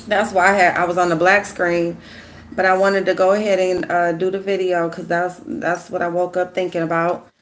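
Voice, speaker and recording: A woman with a sick, hoarse voice chatting casually with viewers while doing her makeup, greeting them by name and gossiping. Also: fairly low pitch, little pitch movement, moderate pace. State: sick, hoarse voice with a runny nose. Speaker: YouTube commentary host.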